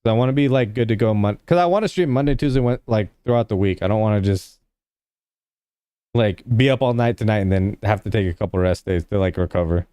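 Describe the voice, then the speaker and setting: A young man on a livestream, chatting loosely with his viewers and padding his sentences with "like". His voice is smooth and resonant. The sound is close and dry, with no room around it. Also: fairly low pitch, fast talker, dark tone, dry recording. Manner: rambling, heavy use of "like" fillers; laid-back, talks to chat. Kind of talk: casual livestream chat with viewers.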